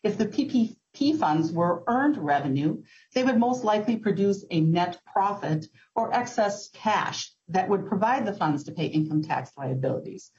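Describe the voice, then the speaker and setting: A woman giving formal testimony to a committee as a business owner, speaking in an earnest, measured way with occasional ums. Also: mid-range voice, expressive, darkish tone. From Minnesota. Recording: muffled lo-fi hearing audio.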